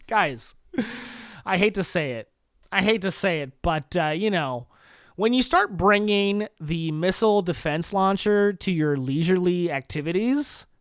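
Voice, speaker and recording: A man's voice: sits high, fairly bright tone, dry recording, studio quality. A young man hosting a comedy podcast alone, riffing sarcastically in mock-pleading bits and laughing at his own jokes. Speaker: podcast host. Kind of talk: solo comedy monologue.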